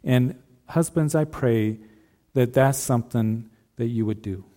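Earnest pastor, mellow voice. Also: male voice, medium pitch, unhurried. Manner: earnest, repeats phrases, addresses husbands directly. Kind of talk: sermon.

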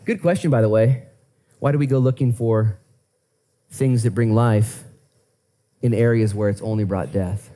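A man preaching a sermon as pastor, animated, conversational and playful as he talks through scripture. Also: fairly low pitch, normal speed, pauses often.

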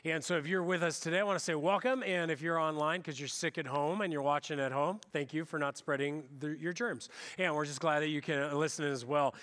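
Middle-aged male pastor, bright high voice, relaxed church sermon, self-deprecating asides. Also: a little fast, few pauses. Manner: chatty, self-deprecating, with frequent restarts. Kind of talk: conversational sermon. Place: church sanctuary.

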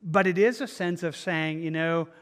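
A man's voice: on the high side, normal speed, a bit bright, clean tone. Earnest man teaching a Bible study. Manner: earnest, thinking aloud with frequent restarts.

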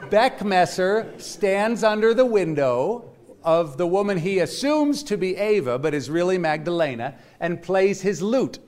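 A man's voice: sits high, expressive, measured pace, a little mellow. A man giving a classroom lecture to a live audience, explaining in a chatty way and walking listeners through examples. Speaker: music lecturer.

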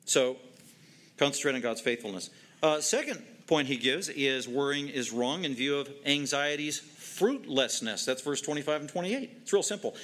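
A man's voice: a little high, expressive, moderate pace, fairly bright tone. A man preaching a sermon, emphatic and repetitive, driving home short commands. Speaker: pastor.

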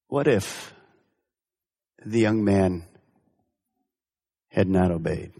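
Husky male pastor preaching, voice jumps all over the place, fairly high, punchy and emphatic. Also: slow pace, pauses often, long reverb tail. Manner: emphatic, animated preaching with direct questions to the listeners. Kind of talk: sermon.

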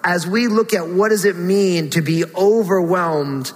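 A pastor gives an earnest sermon in a high, ringing voice. His tone rises into pleading whenever he voices a prayer. The sound carries a long reverb, as if recorded in a large hall. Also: measured pace. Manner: earnest preaching, rising to a pleading pitch when voicing prayers.

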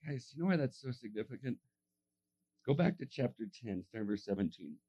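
A man preaching a sermon, telling stories and acting out the voices of the people in them, dropping to a hush and then rising to a shout. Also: mid-range voice, expressive, fairly quick, husky. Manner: acts out voices in his stories, swings from hushed to shouting. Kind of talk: animated sermon storytelling.

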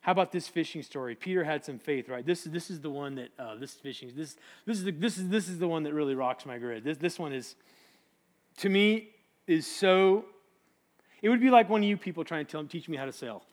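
A man's voice: fairly high pitch, brisk. A middle-aged man preaching a casual, jokey sermon, acting out voices from the Bible. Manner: animated, jokey, acts out biblical voices.

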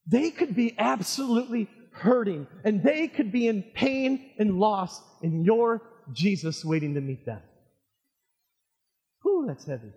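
A male pastor delivering an animated sermon, throwing call-and-response questions to his congregation. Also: sits high, long reverb tail. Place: church sanctuary with congregation.

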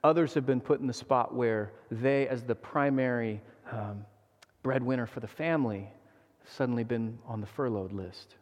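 A man's voice: medium pitch, moderate pace. Earnest man preaching in a reverberant hall. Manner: earnest, animated storytelling, frequent restarts. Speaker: guest preacher. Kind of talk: sermon with personal stories.

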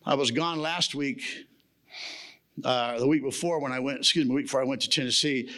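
A man's voice: medium pitch, a little fast, pushed and bright. A man preaching a sermon at a men's camp, telling stories in a folksy way with humorous asides. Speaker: camp speaker.

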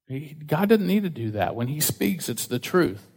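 A man preaching a sermon in a casual, conversational way, acting out quotes with lively voices. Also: on the high side, normal speed, slightly rough. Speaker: pastor. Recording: reverberant hall.

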